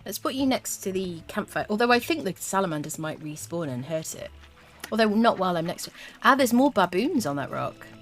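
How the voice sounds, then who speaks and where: Chatty woman streamer with lively pitch. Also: fairly quick, faint music behind. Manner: chatty, talks to chat, hums little tunes. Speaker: game streamer. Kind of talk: casual live gameplay commentary.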